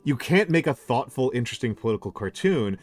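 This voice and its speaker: A man with an American accent chatting casually on a stream, rambling and halting with many restarts. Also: medium pitch, big pitch swings, soft background music. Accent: General American. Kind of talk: casual chat.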